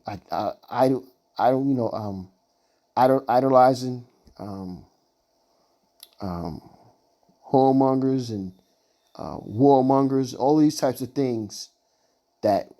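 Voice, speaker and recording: A man leading an informal scripture study, halting and searching for words with many fillers as he reads and explains verses. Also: on the low side, dark tone. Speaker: Bible teacher.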